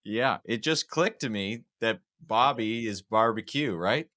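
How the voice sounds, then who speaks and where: A man's voice: fairly low pitch, measured pace, sharp tone. A man hosting a podcast, chatting casually and joking with his guest in an upbeat way. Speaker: podcast host.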